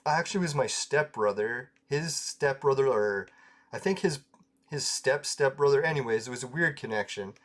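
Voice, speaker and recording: A man hosting his own show, telling a rambling, profane story in a casual way and laughing along at it. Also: mid-range voice. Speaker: podcast host.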